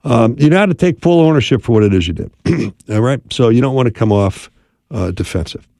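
A man's voice: medium pitch, animated, a little fast, mellow, dry recording, clean studio sound. A man teaching about apologies in marriage, in a conversational style with frequent tag questions. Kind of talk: instructional talk on marriage.

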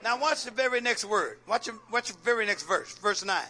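High bright-voiced preacher man. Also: expressive, normal speed. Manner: preacher's rhetorical questions, coaxing and joking. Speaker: pastor. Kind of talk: call-and-response sermon. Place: church sanctuary with congregation.

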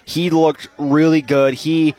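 A man's voice: on the high side, little pitch movement, a little mellow, dry recording. Easygoing male radio co-host. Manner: quick, agreeable, stumbles on restarts. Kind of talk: post-game radio commentary.

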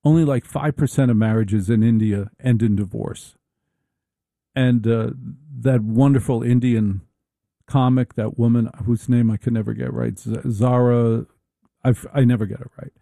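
A middle-aged man delivering a wry, rambling comedic monologue, full of halting restarts. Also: medium pitch, fairly even intonation, gravelly, warm tone, no echo.

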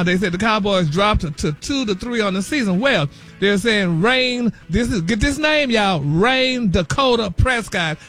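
A man's voice: high-pitched, a bit bright. A man delivering celebrity gossip on a morning radio show, sassy and chatty, calling everyone honey. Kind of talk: gossipy radio talk segment.

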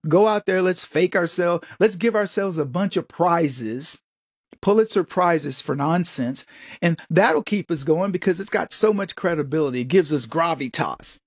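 This is an American man in middle age hosting a political commentary show. His voice is husky and sits fairly high, and he talks animatedly, often popping up into higher, excited quoted voices. The sound is dry and close. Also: normal speed, no room sound. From United States.

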